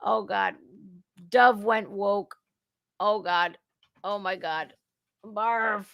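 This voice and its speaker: A woman's voice: mid-range voice, steady tone, very slow, a bit bright, no echo. A woman hosting a casual reaction livestream, chatty and exclamatory, talking straight to her viewers. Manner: chatty, exclaiming, laughing asides. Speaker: commentary livestream host.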